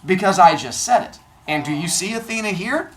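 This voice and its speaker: A man's voice: high-pitched, expressive, fairly quick, slight background noise. A man voicing a boastful, defiant teenage girl weaver who trash-talks a goddess, in a class storytelling. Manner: cocky, trash-talking.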